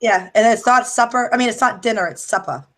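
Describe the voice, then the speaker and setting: A woman's voice: fairly high pitch, brisk. A woman with a Boston-area accent, a guest chatting easygoing and casual on a radio show. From Salem, Massachusetts. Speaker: guest paranormal investigator. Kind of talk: casual radio interview chat.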